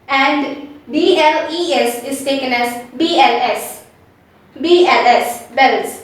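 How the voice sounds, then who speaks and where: High-voiced woman teaching pronunciation, echoey. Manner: repeats words slowly, often checks with "okay?". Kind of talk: spelled-out pronunciation lesson. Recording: very echoey room, mic far away.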